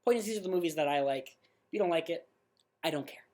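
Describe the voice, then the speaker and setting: A male podcast host giving casual movie reviews in a blunt, ranting way. He is opinionated and quick to dismiss what he dislikes. He often trips over his words and corrects himself mid-sentence. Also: a little high, a little mellow.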